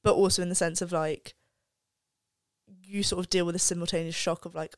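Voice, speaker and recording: A woman's voice: lowish voice, fairly even intonation, fairly quick, long pauses, dry recording. A young woman, a student guest on a podcast, talking candidly and reflectively in casual chat and swearing freely. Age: young adult.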